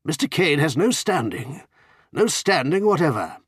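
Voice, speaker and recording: A self-important middle-aged official, weighty and pompous, leaning on each phrase, as the reader puts him on. Slightly husky and close, with a dry sound. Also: male voice, a little high, sing-song, moderate pace, fairly bright tone, no room sound, voice pushed up, exaggerated voice.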